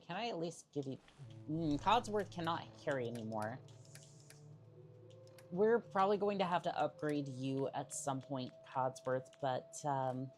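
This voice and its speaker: Low-voiced, unhurried woman game streamer. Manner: jokey, chatting to viewers. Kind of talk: casual gameplay commentary.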